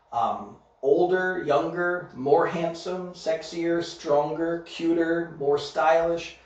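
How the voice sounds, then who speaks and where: Male online ESL teacher, slightly high voice, deliberate pace, distant dull mic in an echoey room. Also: a little mellow. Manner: slow, deliberate, checks in with "okay?". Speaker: English teacher. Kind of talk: recorded online grammar lesson.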